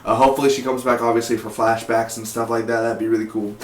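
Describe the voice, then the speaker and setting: Young male TV reviewer, excitable and slangy, mid pitch, roomy echo. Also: fast talker. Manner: excitable, slangy, says "man" and "dude" a lot. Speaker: TV episode reviewer. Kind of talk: casual review vlog.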